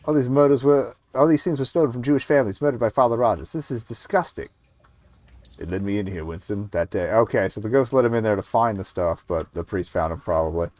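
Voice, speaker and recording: A man's voice: fast talker, darkish tone. A man streaming a point-and-click game, reading its dialogue aloud in a casual, murmured way and swearing now and then. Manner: casual, swears, reads lines in a low murmur.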